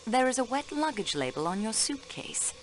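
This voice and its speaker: An actress playing a sharp young female railway clerk questioning suspects in a video game, precise and polite. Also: on the high side, very animated, normal speed, slight background noise. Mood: pressing.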